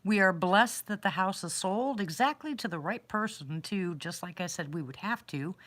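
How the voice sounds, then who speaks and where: A woman's voice: mid-range voice, expressive, moderate pace, a bit bright. A woman hosting a casual talk show, telling stories in a chatty, faith-filled way and laughing easily. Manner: chatty storyteller, laughs easily, religious, grateful. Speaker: host. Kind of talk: casual chat.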